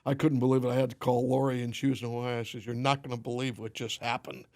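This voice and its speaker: A man's voice: mid-range voice, fast, creaky. A man guesting on a podcast, telling stories casually and acting out the quoted dialogue. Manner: animated storyteller, acts out quoted dialogue. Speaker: podcast guest, limo company owner.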